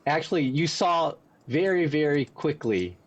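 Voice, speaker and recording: A man running a tabletop game as dungeon master, calmly describing the scene step by step. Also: on the high side, measured pace, slightly rough.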